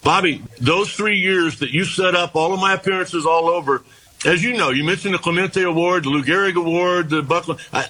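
An older man, a former baseball pitcher, telling long rambling anecdotes in a casual interview, often restarting his sentences. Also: pushed and bright, slightly rough, low-quality recording. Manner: rambling anecdotes with repeated starts and quoted dialogue.

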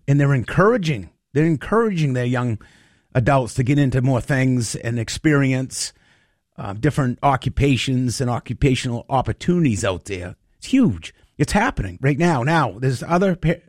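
A middle-aged man talks with earnest, folksy conviction in an interview, often saying "you know" as he drives his points home. His voice sits at an ordinary middle pitch. It is recorded close and dry, with no room sound around it. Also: a little mellow, dry recording. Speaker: interviewee, trades advocate. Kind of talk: conversational interview.

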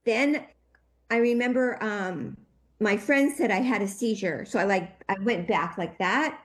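An interview guest with a mid-range voice tells a personal story, her voice trembling with emotion. Her account is halting and full of restarts.

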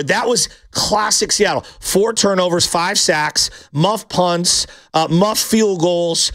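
High-voiced, passionate sports talk host. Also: male voice, a bit bright, no echo. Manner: rambling, passionate fan talk with restarts. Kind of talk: sports talk show chat.

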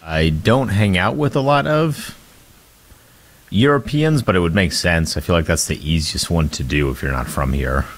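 A man co-hosting a sports talk radio show in a relaxed, dry way. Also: deep voice, normal speed. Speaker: radio co-host.

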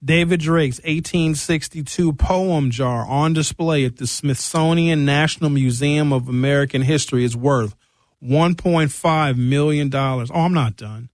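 A man talks through his notes in a casual monologue, his voice sitting a little high. He sounds indignant and animated, and he breaks in with jokey asides. The recording is dry and close, with no room sound. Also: a little slow, no echo. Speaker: commentator.

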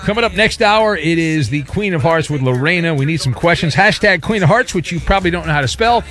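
A middle-aged man hosting a sports talk radio show, loose and jokey, bursting into shouted catchphrases. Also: on the high side, expressive, brisk, faint music behind.

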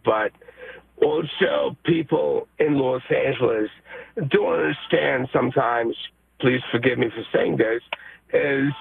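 Hoarse excited caller on a phone line. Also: male voice, medium pitch, dry recording. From New York. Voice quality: raspy, gravelly. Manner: excited, emotional, halting with many fillers. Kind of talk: radio call-in.

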